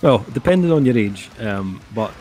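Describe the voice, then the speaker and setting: A man's voice: medium pitch, lively intonation, normal speed, crowd noise. A middle-aged man co-hosting an album review, talking casually and rambling with lots of fillers. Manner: rambling, heavy on fillers like "um" and "kinda".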